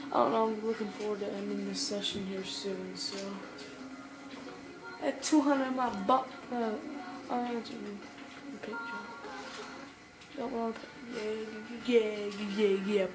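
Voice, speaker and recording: A young woman giving casual gameplay commentary, excitable and quick to swear and yell at the game. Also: medium pitch. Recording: echoey room, far from the mic, music behind.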